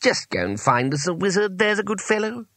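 A man voicing a pompous old male wizard teacher, speaking slowly and haughtily. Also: sits high, huge pitch swings, pushed and bright, dry recording, voice pushed up, full character voice. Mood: condescending. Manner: haughty, slow and droning.

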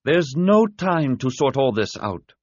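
A man voicing a brisk male officer relaying orders with urgency, in an audiobook. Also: mid-range voice, big pitch swings, dry recording, dull audio, voice pushed up. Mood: urgent.

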